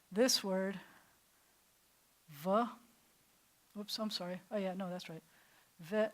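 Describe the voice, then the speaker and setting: A woman rabbi teaching a Hebrew class in a synagogue classroom, enthusiastic, slowly sounding out breathy words. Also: mid-range voice. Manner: enthusiastic, drawn-out breathy pronunciations.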